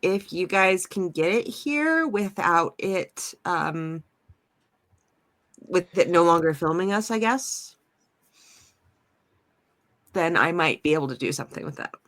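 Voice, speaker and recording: A woman's voice: lowish voice, animated, slow pace, long pauses, a bit bright. A woman playing a tabletop role-playing game, thinking aloud with hesitant fillers. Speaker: player. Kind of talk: tabletop role-play chat.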